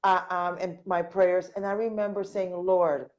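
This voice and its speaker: Animated American woman hosting a livestream. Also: lowish voice, a little slow. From United States. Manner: animated, exclaims "wow" and "amazing" often. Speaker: host of a live interview show. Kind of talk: casual live interview, reading viewer comments aloud. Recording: muffled lo-fi livestream audio.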